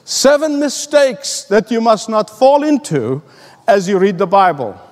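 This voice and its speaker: A man's voice: sits high, expressive, measured pace, a little mellow, big-room sound. A middle-aged male pastor delivering a sermon, earnest and emphatic, telling stories and asking rhetorical questions.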